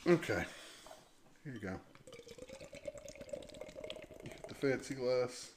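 A man's voice: mid-range voice, animated, normal speed, noisy background. A man hosting a casual podcast chat, teasing his co-host, often hesitating and restarting his sentences.

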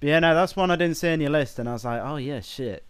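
A young man co-hosting a podcast, speaking quietly and casually. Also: fairly high pitch, quick pace, clean tone. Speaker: podcast co-host. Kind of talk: casual chat. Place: home, remote call.

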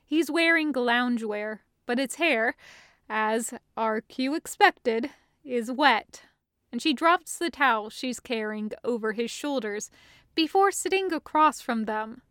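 A woman narrating a fan-fiction story as an audiobook reading, in a steady, even storytelling manner. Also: a little high, slow pace, clean tone, dry recording, clean studio sound.

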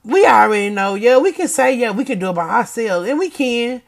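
A woman chatting casually to her viewers and reading aloud from a book, emphatic, repeating herself and stuttering when she gets excited. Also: fairly high pitch, a little fast, vocal fry.

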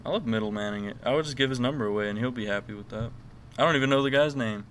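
A man's voice: medium pitch, rapid-fire, a little hiss or hum. A young man co-hosting a podcast, rambling through crude, joking stories with lots of fillers. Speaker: podcast co-host. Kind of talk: casual chat.

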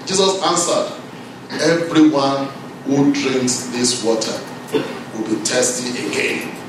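A man preaching a sermon, slow and emphatic, building up for emphasis as he reads scripture. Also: medium pitch, background noise. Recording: echoey hall from far off.

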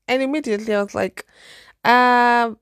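A young woman from Zimbabwe with a Zimbabwean accent, hosting a podcast and telling a dating story in a chatty, animated, exclamatory way. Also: on the low side, no room sound, studio quality. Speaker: podcast host. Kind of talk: casual storytelling monologue.

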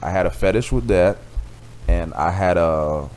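Young man from Miami, very low voice, chill podcast co-host, streetwise and profane. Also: unhurried, darkish tone, soft background music. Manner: laid-back, streetwise slang, swears freely. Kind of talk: casual chat.

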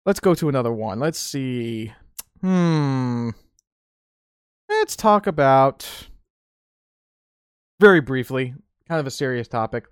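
A man's voice: medium pitch, expressive, takes it slowly, long pauses, smooth, no room sound, clean studio sound. A man hosting a solo podcast, telling casual stories and rambling, often repeating and restarting his words. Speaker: podcast host.

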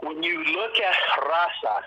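A man on a podcast, telling animated stories in profane street slang and acting out what people said. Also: on the high side, unhurried, muffled recording, heavy background noise. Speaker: activist guest. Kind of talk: casual podcast storytelling.

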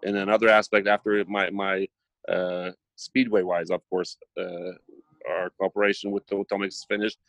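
Man, low voice, dry close sound, animated storyteller. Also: moderate pace, gravelly, no room sound. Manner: animated storyteller, acts out dialogue. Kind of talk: casual chat.

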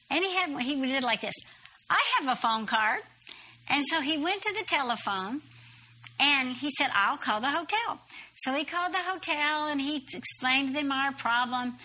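High, bright woman retelling a story. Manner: animated, lively retelling. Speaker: guest telling a story. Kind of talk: storytelling on a broadcast.

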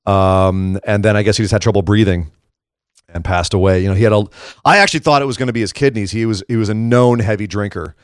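A man co-hosting a casual wrestling podcast, talking in an animated way with quick asides and restarts. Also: lowish voice, clear, resonant tone, no room sound, studio quality. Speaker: podcast co-host. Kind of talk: casual wrestling news chat.

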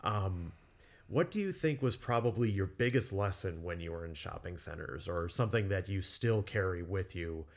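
A man hosting a history podcast, leading a casual interview. He phrases his questions loosely, with plenty of fillers along the way. His voice sits fairly low. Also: animated, moderate pace. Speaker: podcast host.

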